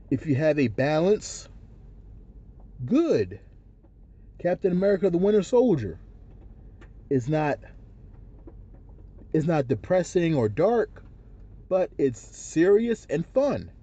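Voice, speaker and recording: A man's voice: fairly high pitch, dark tone. A man delivering an opinion rant as a vlogger, emphatic and repeating his points with frequent restarts, on a dull lo-fi recording.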